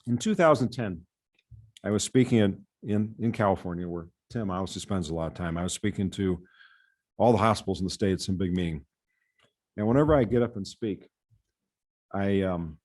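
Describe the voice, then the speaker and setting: A man's voice: sits low, a little mellow. A man from the US Midwest giving prepared testimony to a committee as a patient safety advocate, earnest and often repeating words as he goes. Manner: earnest, with frequent word repeats.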